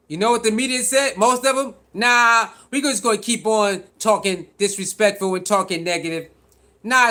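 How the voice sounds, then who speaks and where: A man's voice: very high-pitched, pushed and bright. A man hosting casual sports reaction commentary, talking in slang, repeating himself and calling out to his viewers. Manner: slangy, repetitive, calls out to viewers.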